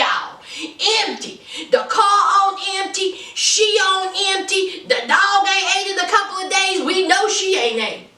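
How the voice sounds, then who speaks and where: A woman's voice: very high voice, animated, a little slow, pushed and bright. A woman reviewing a reality show in a sassy, teasing way, full of playful slang. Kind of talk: casual commentary vlog. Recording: roomy, from a distance.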